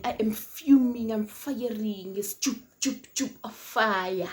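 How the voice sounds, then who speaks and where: A young South African woman telling a casual storytime on her vlog, animated and slangy, swinging between loud and hushed. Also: fairly high pitch, takes it slowly. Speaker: vlogger. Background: faint noise from outside.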